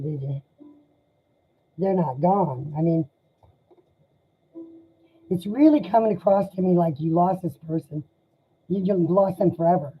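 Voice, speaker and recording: A woman doing a live tarot reading, speaking in an emotional, sympathetic and halting way. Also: on the low side, mellow, husky. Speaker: tarot reader. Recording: dull lo-fi sound.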